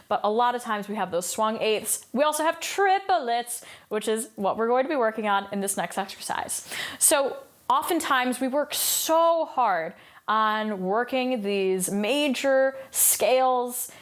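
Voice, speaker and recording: A woman's voice: fairly high pitch, lively intonation, a little slow. A woman vocal coach giving a singing lesson, explaining exercises in an upbeat way and demonstrating them by singing scales.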